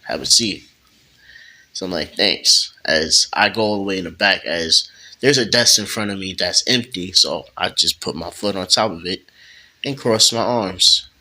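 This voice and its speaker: A man's voice: low-pitched, sharp tone, rough recording. A laid-back man casually improvising a role-play story, with slang.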